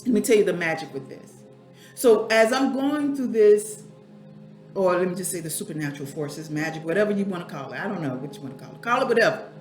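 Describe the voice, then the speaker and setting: A woman's voice: on the low side, lively intonation, quick pace. A middle-aged woman speaks candidly in an emotional home vlog, rambling and teary, sometimes addressing herself by name. The room is echoey, with faint music underneath. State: teary, eyes watering. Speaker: spiritual life coach and vlogger.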